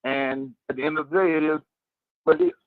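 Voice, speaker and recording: A man's voice: fairly high pitch, wildly swooping pitch, fast talker, creaky, dry recording. Brief: male phone caller, emphatic and opinionated, tinny phone line. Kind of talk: casual call-in radio chat.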